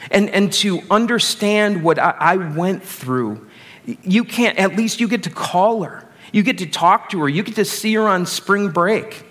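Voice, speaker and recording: A man's voice: high voice, measured pace, a bit bright. A middle-aged man preaching a sermon as pastor, conversational and self-deprecating.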